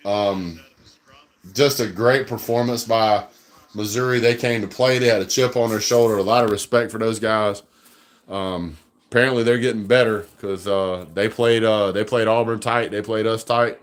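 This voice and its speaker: A man hosting a live fan reaction stream, excitable and trash-talking, speaking into a phone held at arm's length. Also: fairly low pitch. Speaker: fan livestream host.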